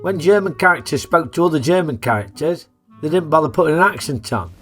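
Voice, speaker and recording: A man's voice: a little high, lively intonation, fairly quick, faint music behind. A man, hosting a casual, jokey film review in a chatty, plain-spoken way.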